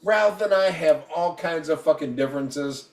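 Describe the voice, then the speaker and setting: About to turn fifty-one, a high-voiced man co-hosting a casual podcast launches into a heated, foul-mouthed, combative rant at a moderate pace. He's a little distant from the mic, and a clear echo rings around him.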